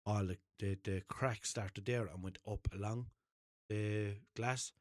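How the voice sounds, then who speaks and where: A man's voice: on the low side, steady tone, takes it slowly, no echo, clean studio sound. A man with an Irish accent, hosting a podcast, telling a rambling story with swearing and self-corrections. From Ireland. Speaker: podcast host. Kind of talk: casual storytelling.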